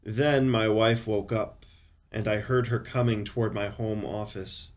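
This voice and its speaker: A man reading first-person crime fiction aloud in a measured, grave storytelling manner. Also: on the low side, steady tone. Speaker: reader.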